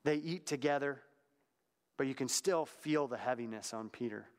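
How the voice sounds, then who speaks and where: A man delivers a sermon in an easy, talky manner, reflective and at times hushed. His voice sits at an ordinary middle pitch. A long reverb trails behind his words, as in a large hall. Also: normal speed. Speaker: preacher.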